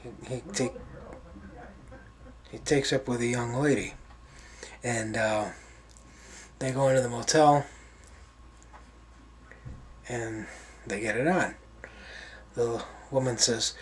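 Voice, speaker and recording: A man casually telling jokes in an unhurried way. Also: mid-range voice, a little hiss or hum. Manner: unhurried, with fillers and restarts. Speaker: joke teller.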